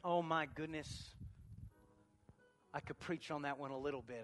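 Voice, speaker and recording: A man preaching a sermon as pastor of a church, moving from quiet talk to shouted passages. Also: medium pitch, fairly even intonation, normal speed, pauses often, big-room sound, soft background music.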